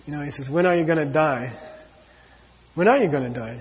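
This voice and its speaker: A man's voice: a little high, animated, a little fast, big-room sound. A man giving an earnest spiritual talk to an audience, repeating his points and often saying "you know.". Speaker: Buddhist teacher.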